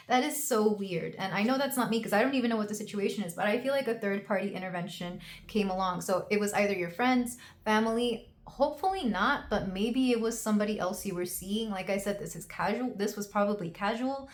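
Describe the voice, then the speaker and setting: A young woman gives a casual tarot reading, rambling and emotional, her sentences full of restarts and fillers. Her voice sits at a middle pitch, and the roomy recording carries a noticeable echo. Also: fairly quick, hardly any pauses. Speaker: tarot reader.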